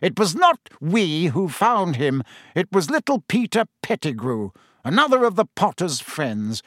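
A man's voice: high voice, very animated, a little slow, a bit bright, dry recording, clean studio sound, pitched above the performer's own voice, heavily acted. Self-important official, middle-aged man read by the narrator, pompous, slightly raised voice. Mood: grave.

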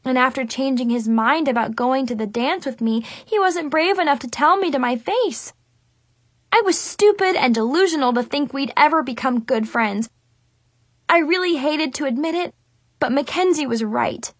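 A woman reading a first-person children's story with a dramatic, expressive teen-girl manner. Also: high-pitched, moderate pace, dry recording. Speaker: audiobook narrator.

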